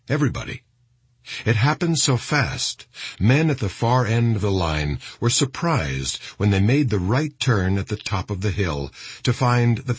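A man reads an audiobook in a very low, deeply husky voice. His delivery is dramatic, and his pitch rises and falls a great deal. The sound is close and dry. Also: no echo. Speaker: audiobook narrator. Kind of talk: scripted narration.

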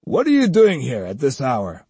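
A curt, suspicious gate guard, played by a male reader in an audiobook. He speaks briefly in a warm, husky voice with a lively lift. The recording is dry and close. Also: medium pitch, moderate pace, no room sound, full character voice.

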